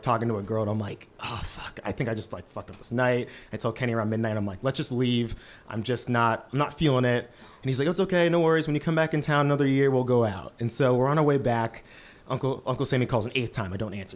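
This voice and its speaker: A man in his twenties telling a lively first-person story on a small stage, talking through a microphone and filling his sentences with "like". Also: medium pitch. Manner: lively, heavy use of "like" fillers. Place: stage of a small live-event venue.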